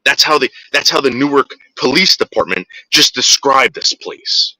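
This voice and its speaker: A man's voice: medium pitch, animated, moderate pace, pushed and bright, no room sound, rough recording. A man in his forties from northern New Jersey, casually telling rambling, profane stories to his viewers and acting out what people said. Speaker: vlogger.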